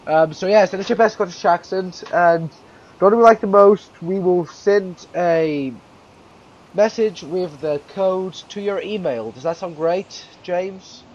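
A man's voice: sits high, measured pace, a little mellow. Rambling young gamer guy, lo-fi mic. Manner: rambling, playful, puts on voices. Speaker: gamer host. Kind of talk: casual gaming chat. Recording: dull lo-fi with faint noise.

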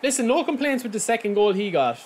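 A man from the giving excitable, frustrated live commentary on a football video game, talking to his viewers as lads. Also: extremely high pitch, fast talker, slight background noise. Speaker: gaming YouTuber.

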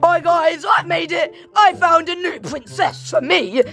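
Woman, let's play commentary, high voice, unhurried delivery, excitable, shouty. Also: vocal fry, soft background music. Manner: excitable, shouty, mock-formal asides. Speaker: gaming channel host.

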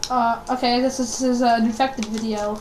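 A woman with a high voice chats loosely over an online shooter match, rambling from one thought to the next and cursing whenever the game goes wrong. There is a faint noise floor and the clack of keys under her talk. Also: moderate pace. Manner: swears often, rambling and excitable. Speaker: gaming video creator. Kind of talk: casual gameplay commentary.

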